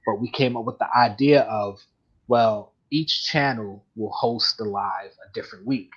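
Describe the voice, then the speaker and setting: This is casual live-stream talk from a man running a collectibles show, rambling on and laughing a lot. He speaks at a normal pace in a lowish, husky voice, captured in dull lo-fi stream audio.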